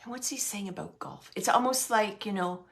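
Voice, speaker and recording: A woman working as a psychic medium, giving an earnest, emotional spirit reading. She laughs often and sometimes drops to a soft hush. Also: mid-range voice, normal speed. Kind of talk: live spirit reading for a sitter.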